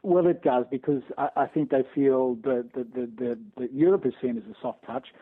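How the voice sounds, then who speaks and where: A man from Australia calls in to a radio show as a guest, pressing his points hard and restarting phrases as he goes. His voice comes through a narrow, tinny phone line. He sounds like an ordinary middle-pitched speaker. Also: normal speed, crowd noise. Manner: emphatic, insistent, frequent restarts. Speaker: interview guest, newspaper editor. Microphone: telephone.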